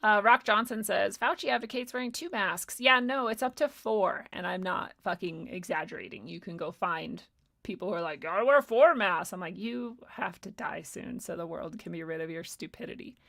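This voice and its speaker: Gravelly, bright-voiced woman streamer. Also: mid-range voice, normal speed. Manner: profane, laughing, animated storytelling. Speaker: livestream host answering chat. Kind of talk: casual livestream chat.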